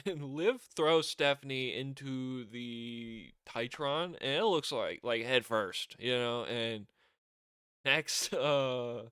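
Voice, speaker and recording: A man casually recapping a wrestling show on his own, excitable and rambling, with lots of fillers, restarts and laughter. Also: mid-range voice, smooth, no room sound, studio quality.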